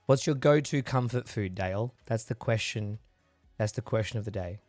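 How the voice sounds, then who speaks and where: Getting over a chest infection, a man chats with live viewers in a rambling way, responding to chat and coughing occasionally. His lowish, slightly mellow voice moves at normal speed, with no room sound and faint music behind him.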